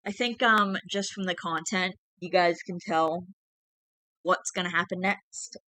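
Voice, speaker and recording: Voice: medium pitch, steady tone, measured pace, bright, forceful tone, no echo. A person reading fan fiction aloud to viewers, chatty and apologetic between chapters while feeling unwell. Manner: chatty, apologetic, candid asides.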